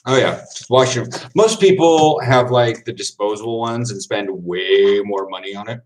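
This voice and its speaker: A man who plays football, chatting casually on a livestream and answering viewer comments. He rambles in a relaxed way, with quick asides and frequent laughs. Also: on the low side.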